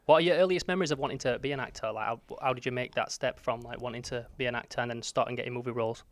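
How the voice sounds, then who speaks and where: A man's voice: mid-range voice, steady tone, very fast, no echo. A man, hosting a casual interview in a chummy, teasing way. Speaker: interviewer, show host.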